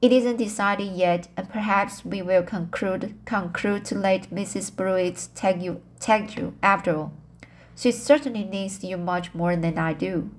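A woman's voice: mid-range voice, a little slow, slight background noise, natural voice. Marilla, a stern spinster, as a woman reads her. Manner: plain reading with slips and restarts. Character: stern middle-aged spinster woman, brisk. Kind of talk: amateur audiobook reading.

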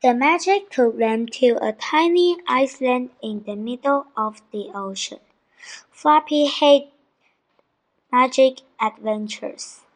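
Woman, children's book reader, slow careful delivery, fairly high voice, dry close sound. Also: no echo, low-quality recording. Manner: slow, careful, clearly paced. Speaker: narrator. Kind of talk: reading a children's book aloud.

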